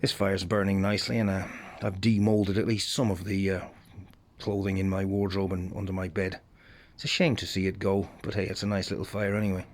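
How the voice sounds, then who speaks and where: A man's voice: low-pitched, flat delivery, a little fast. A British man rambling bluntly through a profane political monologue outdoors by a bonfire, filming on a handheld camera. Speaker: political vlogger. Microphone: handheld phone camera.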